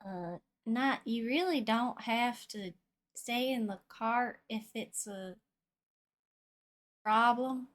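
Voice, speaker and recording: High, slow-talking woman player. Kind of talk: tabletop role-play chat.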